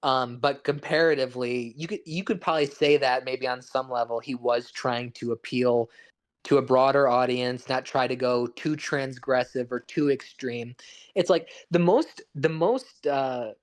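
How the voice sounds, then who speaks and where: A man's voice: medium pitch, normal speed. Man rambling casually about films. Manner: rambling, restarts and fillers, analytical. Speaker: podcast co-host. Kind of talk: casual film discussion.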